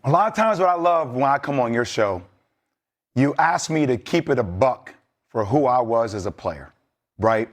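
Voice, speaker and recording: A man's voice: medium pitch, lively intonation, moderate pace. A man, a former player, giving blunt, rallying talk as a guest on a sports debate show. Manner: blunt, rallying, streetwise slang.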